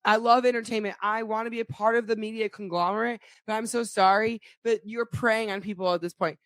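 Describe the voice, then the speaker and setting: A woman's voice: on the high side, fairly even intonation, a little fast, no room sound. A woman co-hosting a podcast in casual chat, ranting and swearing with mock outrage. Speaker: podcast co-host.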